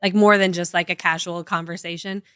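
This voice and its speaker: Low smooth-voiced woman co-hosting a podcast. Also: flat delivery, brisk, a bit bright, dry recording, clean studio sound. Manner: explains with examples, many fillers like "like" and "right?". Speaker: podcast co-host. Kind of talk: casual podcast chat.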